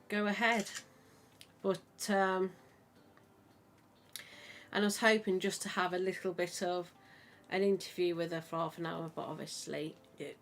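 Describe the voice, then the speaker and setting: A woman's voice: lowish voice, slight background noise. Chatty woman podcast host. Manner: chatty, rambling storyteller. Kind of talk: casual chat.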